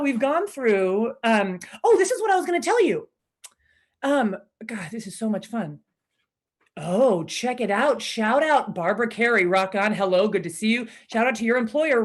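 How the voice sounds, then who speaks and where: A woman hosting an online improv show from her living room over a video call, chatty and bubbly, giving shout-outs and easily distracted. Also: mid-range voice. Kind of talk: live stream welcome and shout-outs.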